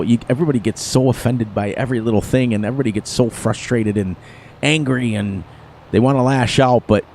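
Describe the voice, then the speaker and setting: During a casual live stream of a farming game, a middle-aged man rambles and chuckles while chatting with his audience. He has a medium pitch and a dark tone.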